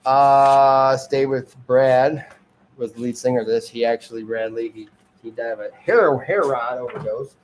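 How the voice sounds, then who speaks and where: A man's voice: medium pitch, normal speed. Rambling, chuckling man from Detroit. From Detroit area, Michigan. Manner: digressive, chuckling often, trailing off and restarting. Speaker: host of a homemade magazine show. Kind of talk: rambling casual monologue.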